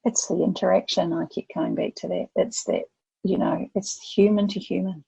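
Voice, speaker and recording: An older woman, a grandmother, speaking as a guest on a podcast and telling stories with lively acted-out voices. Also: fairly low pitch, moderate pace, gravelly, slightly rough, no room sound, poor audio. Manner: animated storytelling, acts out voices. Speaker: guest expert. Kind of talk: podcast conversation.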